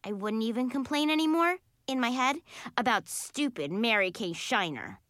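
A woman reading a first-person children's book aloud in an animated, expressive way. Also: fairly high pitch, normal speed, dry recording, clean studio sound. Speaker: audiobook narrator.

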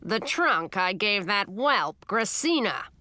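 A woman's voice: very animated, takes it slowly, sharp tone, exaggerated voice. A woman voicing a cranky, bossy old witch grandmother who barks and sneers in a storybook reading. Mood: scornful. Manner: barking, scornful, shrill at times.

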